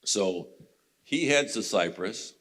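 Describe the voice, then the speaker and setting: A man's voice: on the low side, expressive, takes it slowly, a bit bright. A man teaching a men's Bible study in a casual, conversational way, retelling scripture stories and laughing now and then.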